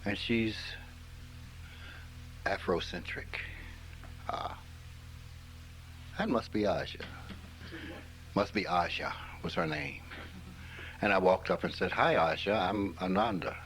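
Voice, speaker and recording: A man's voice: low voice, sing-song, slow, creaky, long pauses, a bit bright, faint music behind, rough recording. An older man from rural Mississippi gives an informal spiritual talk, telling stories in a folksy way and chuckling often. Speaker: spiritual teacher.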